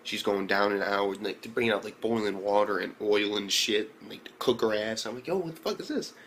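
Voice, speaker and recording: A young man giving a casual, profane, excitable recap of an anime episode, often breaking into high exclamations. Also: a little fast, a little hiss or hum. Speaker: anime reviewer.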